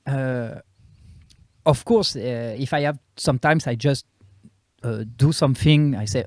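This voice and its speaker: A man's voice: mid-range voice, lively intonation, a little slow, dark tone, no echo, clean studio sound. A French comedian, a man with a French accent whose native language is French, chatting as a guest while searching for English words. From France. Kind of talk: casual interview chat.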